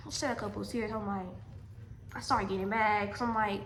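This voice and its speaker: A young adult woman telling a personal story in a storytime vlog, animated and emphatic, often repeating her lines. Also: mid-range voice, a little fast, slight background noise. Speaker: vlogger. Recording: echoey room.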